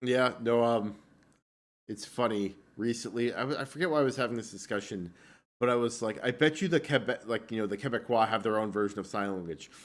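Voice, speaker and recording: A man's voice: medium pitch, fairly quick. A man co-hosting a casual podcast, talking in a meandering way with many fillers and restarts. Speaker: podcast co-host. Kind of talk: casual chat.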